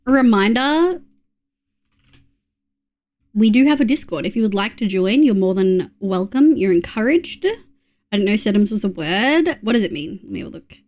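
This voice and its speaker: A woman's voice: on the high side, a little mellow. Chatty Australian woman streaming live. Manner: chatty, reads things aloud to chat, laughs often. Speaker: livestreamer. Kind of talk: casual live-stream chat.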